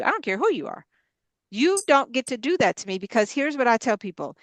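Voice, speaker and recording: A woman who runs a ministry and coaches women delivers a motivational talk in a preaching style, speaking a little fast in a very animated, fairly high voice with no echo. She's an adult mother of grown girls, and she drives her points home emphatically with punchy, repeated parallel lines.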